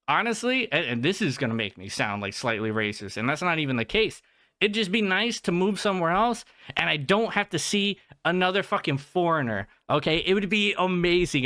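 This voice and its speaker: A man's voice: high voice, bright, forceful tone, smooth, no room sound, studio quality. A young man hosting his own podcast, ranting in a heated, profane way and tagging his points with "okay?". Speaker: podcast host. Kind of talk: solo podcast rant. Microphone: podcast mic.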